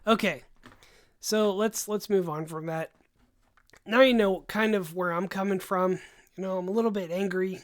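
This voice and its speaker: A young man hosting a casual livestream, rambling and animated, with frequent sighs and asides, his voice tiring from long talk. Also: sits high, normal speed. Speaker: host.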